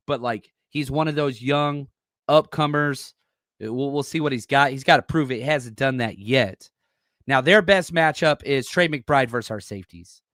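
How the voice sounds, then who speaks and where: A man hosting a podcast in a blunt, salty, casual style, reading chat and getting loud and fired up at times. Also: mid-range voice, no echo, clean studio sound. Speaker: podcast host and former coach. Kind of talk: casual solo football preview reading live chat.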